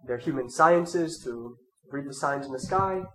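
Nasal congested man preaching in an echoey room. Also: medium pitch. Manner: measured, reflective, with soft asides. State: congested from a cold. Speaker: preacher leading an Advent talk series. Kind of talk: scripture reading then sermon talk. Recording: roomy echo, faint ambient noise.

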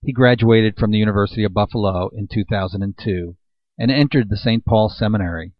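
A man announcing a speaker, reading a scripted introduction in a measured, formal way. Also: on the low side, dry recording. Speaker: event announcer. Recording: dull, dry recording.

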